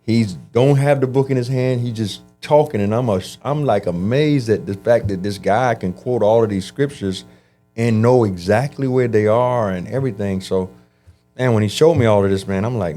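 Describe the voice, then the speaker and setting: A man telling his life story in an interview, animated and acting out the voices of people he quotes. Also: lowish voice, normal speed, faint music behind. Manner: animated, acts out quoted voices, frequent restarts. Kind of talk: conversational storytelling.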